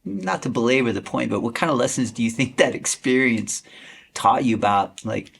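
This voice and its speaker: A man's voice: mid-range voice, normal speed, creaky, fairly bright tone, breathy edge. A man hosting a podcast interview, chatting casually and teasing his guest in a friendly way. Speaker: podcast host.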